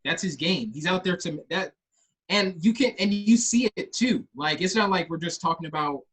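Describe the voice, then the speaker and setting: A young man from Los Angeles co-hosts a casual comedy podcast. His voice is husky, and he talks in an animated way, breaking into loud high impressions of others. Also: normal speed, low-quality recording. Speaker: podcast co-host. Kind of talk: casual chat.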